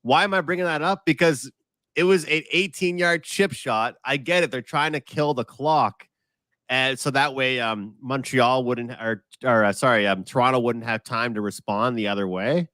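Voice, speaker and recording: A man appearing as a sports betting guest who talks in a chatty way and tells stories with quick asides. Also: mid-range voice, a bit bright, no room sound. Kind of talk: casual sports betting chat.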